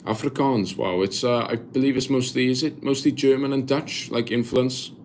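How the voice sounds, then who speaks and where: A man streaming from abroad, casually reading chat messages and answering in a halting way with many restarts. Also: mid-range voice, steady tone, a little mellow, a little hiss or hum. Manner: halting, many restarts while searching for words. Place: abroad in Poland.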